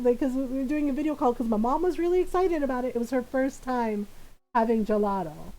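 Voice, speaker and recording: A woman streamer casually telling a family story on a livestream, animated and laughing often. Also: high voice, a little fast, low-quality recording.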